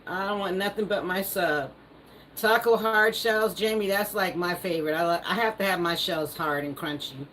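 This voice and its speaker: A woman's voice: on the low side, moderate pace, fairly bright tone, slight background noise, rough recording. A woman hosting a live stream, casually reading viewer comments aloud and teasing them, laughing often. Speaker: livestream host.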